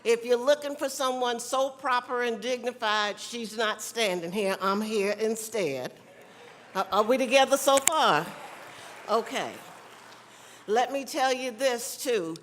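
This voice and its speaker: A woman's voice: fairly high pitch, unhurried, fairly bright tone, slight background noise. A woman from South Carolina with a Southern accent, giving a folksy, teasing convention speech and calling out to the crowd. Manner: chatty, teasing, calls out to the crowd. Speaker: convention speaker. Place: large convention hall. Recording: long hall reverb.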